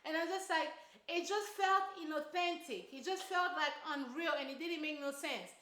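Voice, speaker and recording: A woman recapping a movie with animated, slangy drama. Her voice is high and bright. It rings in an echoey room. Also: normal speed. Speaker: movie reviewer.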